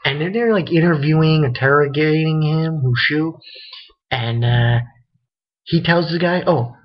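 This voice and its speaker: Unhurried and on the higher side, a man's voice delivers a rambling, casual anime episode recap. The reviewer is loose, profane, and full of fillers, and the recording is lo-fi and dull.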